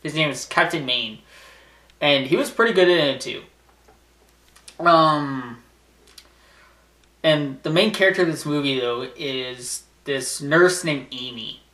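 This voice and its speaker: A young man giving a casual movie review, animated and laughing often, swearing freely. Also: on the high side, takes it slowly, long pauses, reverberant.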